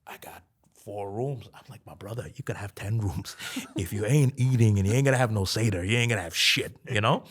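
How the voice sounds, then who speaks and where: A man, a podcast guest, telling a story in an animated way, dropping to a hushed whisper for quoted lines and laughing as he goes. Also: on the low side, a little fast, husky.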